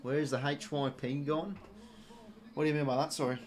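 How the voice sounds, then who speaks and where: With a slightly high voice, a steady tone and a moderate pace, this Australian streamer hosts a live football watch-along. He calls the action casually, curses a lot and yells at the players.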